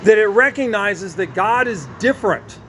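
A man preaching a sermon, teaching slowly and drawing out his stressed words. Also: sits high, animated, fairly bright tone, a little hiss or hum. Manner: slow, emphatic teaching with drawn-out stressed words.

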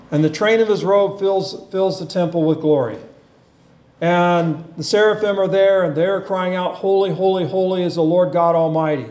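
A man preaching a sermon, earnest and unhurried, reading scripture with feeling. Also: a little high, darkish tone. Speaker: pastor. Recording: echoey room with faint ambience.

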